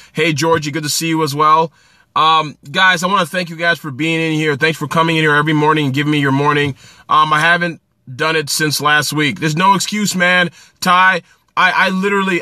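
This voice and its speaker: Bright-voiced upbeat man livestreaming. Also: fairly high pitch, no echo. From New Jersey. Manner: upbeat, greets viewers by name, coaching tone. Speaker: livestream host. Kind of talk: casual livestream chat. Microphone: phone livestream.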